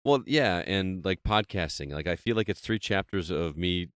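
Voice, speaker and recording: A man's voice: deep voice, moderate pace, fairly bright tone, clean tone, no echo, studio quality. A man hosting a gaming podcast, chatty and self-deprecating, laughing often. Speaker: podcast host. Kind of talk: casual podcast chat.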